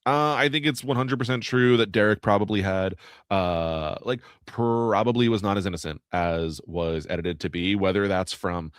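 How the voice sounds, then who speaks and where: A man with a fairly low voice co-hosts a podcast in easy, casual chat. He laughs often and slips into mock voices when quoting people. The sound is dry and close. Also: normal speed, smooth, no room sound. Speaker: podcast co-host.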